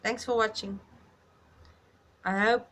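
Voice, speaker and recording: A grieving woman talking in a personal video diary, halting and reflective, stopping to search for words and close to tears. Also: mid-range voice, fairly even intonation, fairly bright tone, slight background noise. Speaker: vlogger.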